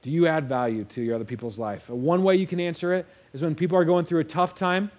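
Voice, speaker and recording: A man's voice: fairly high pitch, fast talker, darkish tone. A young man preaching a sermon in a casual storytelling way, acting out the quotes. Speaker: pastor.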